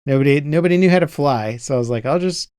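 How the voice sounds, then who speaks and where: A man in his thirties hosting a podcast, telling nostalgic stories in a relaxed, rambling way with many fillers. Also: mid-range voice, rapid-fire, clear, resonant tone, no echo, studio quality. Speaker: podcast host. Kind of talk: casual chat.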